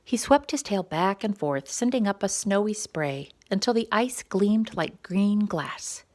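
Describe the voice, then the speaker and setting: A woman reading a quiet story time picture book aloud for young children, gentle and expressive. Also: medium pitch, measured pace.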